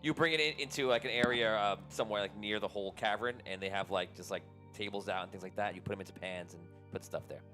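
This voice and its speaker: Game master, man, bright voice, playful ribbing, soft music under. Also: lowish voice, fairly even intonation, fast talker, few pauses. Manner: playful, teasing, laughs often. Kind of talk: running a tabletop game.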